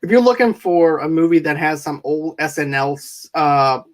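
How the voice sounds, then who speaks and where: A man's voice: fairly high pitch, expressive, moderate pace. A man hosting a casual movie review podcast, retelling scenes in a rambling way with fillers and restarts. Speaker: podcast host.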